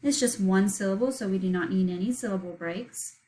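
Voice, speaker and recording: A woman's voice: mid-range voice, brisk, warm tone, low-quality recording. A woman teaching a recorded spelling lesson, patiently sounding out words letter by letter and syllable by syllable.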